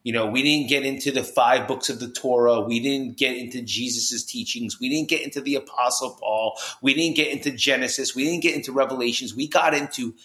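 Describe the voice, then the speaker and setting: A man from New Jersey, a podcast guest, telling a personal story with high energy and acting out the voices he quotes. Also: steady tone, brisk, hardly any pauses, a bit bright, reverberant.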